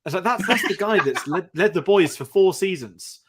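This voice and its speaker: A man hosts a casual film-review podcast, chatty and rambling and restarting often. His voice is high and animated at normal speed, with background noise present.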